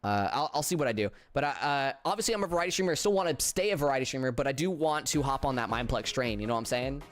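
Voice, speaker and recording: A tired man streaming a racing game, chatting casually with viewers in a flat, subdued way with halting restarts. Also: mid-range voice, faint music behind. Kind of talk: casual livestream chat with viewers.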